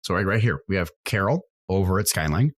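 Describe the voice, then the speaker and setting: A man's voice: low voice, expressive, fast, dry recording, clean studio sound. A man, co-hosting a casual business podcast and acting out his customer calls as he tells stories. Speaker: sign company salesman, co-host.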